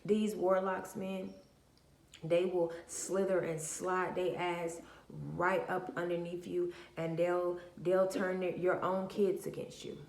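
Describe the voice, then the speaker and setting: A woman's voice: on the low side, flat delivery, takes it slowly, a little mellow, echoey room. A woman talking casually to camera as a spiritual vlogger, blunt and profane, telling stories with lots of animation.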